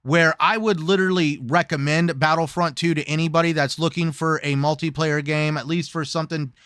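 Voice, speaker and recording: A man hosts a casual gaming talk show in a smooth, resonant voice that sits a little high for a man. He jokes a lot and keeps the talk lively, slipping into silly voices now and then. The sound is dry and close. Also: brisk, dry recording. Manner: lively, joking, slips into silly put-on voices. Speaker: host.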